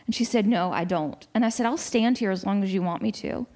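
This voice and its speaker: Animated woman telling a story. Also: medium pitch, brisk. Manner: animated storytelling with many restarts. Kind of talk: casual discussion.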